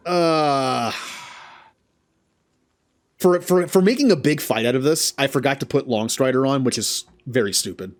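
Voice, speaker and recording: Male host for a game playthrough: casual, self-deprecating, talks his choices through out loud. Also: medium pitch. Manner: thinking aloud, chuckling, self-deprecating. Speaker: gaming channel host. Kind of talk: let's play commentary.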